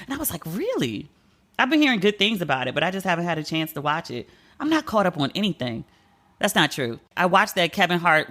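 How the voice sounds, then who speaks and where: Bright-voiced woman hosting a chatty podcast. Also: on the low side. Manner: candid, chatty, swears freely. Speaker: podcast host. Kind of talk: casual solo podcast chat.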